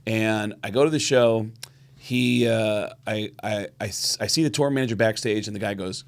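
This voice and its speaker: Speaking at a measured pace in a fairly low voice, a middle-aged man co-hosting a podcast spins casual stories. He performs the quoted voices of the characters with animation.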